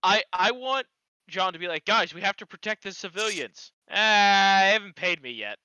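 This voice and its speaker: A man's voice: high-pitched, expressive, normal speed, bright, forceful tone, smooth, no echo, muffled recording. A man co-hosting a casual chat, joking and breaking into goofy voices. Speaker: co-host. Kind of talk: casual commentary.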